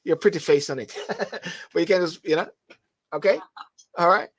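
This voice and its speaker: Animated Jamaican man hosting a live show. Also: on the high side, normal speed. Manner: animated, repeats words, reads viewer comments aloud. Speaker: host. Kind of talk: live-stream call-in talk show.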